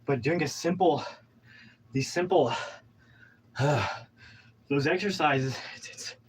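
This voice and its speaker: A man's voice: fairly high pitch, slow, low-quality recording. Guy in his 30s winded from a workout, preachy and hyped, rambling pep talk, faint hum behind him. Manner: pumped-up, preachy, rambling with restarts. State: out of breath. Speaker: vlogger. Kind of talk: casual motivational talk while exercising.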